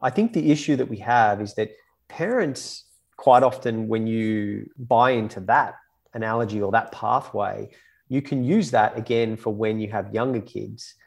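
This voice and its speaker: A man with a gravelly voice, explaining points at length in a casual podcast talk and often checking in with "right?". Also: fairly low pitch, moderate pace, darkish tone. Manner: explains in long runs, often tagging "right?".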